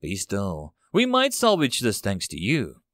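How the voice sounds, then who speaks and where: An urgent female soldier calls to her wounded comrade, voiced by a man. The delivery moves widely in pitch. It is close and dry. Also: huge pitch swings, unhurried, fairly bright tone, no echo, heavily acted.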